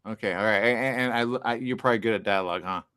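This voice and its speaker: A man's voice: on the low side, pushed and bright, clear, resonant tone. A man interviewing filmmakers at a festival, joking and repeating words as he talks. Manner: fast, stammering, jokey. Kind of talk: casual red-carpet interview.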